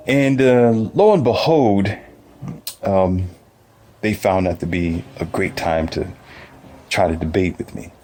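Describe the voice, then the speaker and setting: A man's voice: low voice, slow pace, long pauses, darkish tone. A man giving a casual, preachy motivational monologue, full of rhetorical questions.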